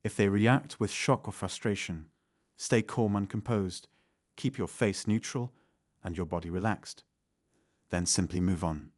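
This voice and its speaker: A man giving calm, measured self-help advice in scripted narration. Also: fairly low pitch, no echo, studio quality. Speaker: channel narrator.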